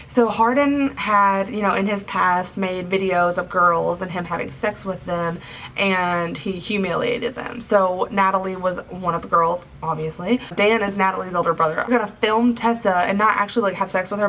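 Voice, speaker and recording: A young adult woman with a mid-range, fairly bright voice chats her way through a novel recap for her book review vlog, packing it with "like" fillers. The mic sits slightly distant, with a faint hiss in the background.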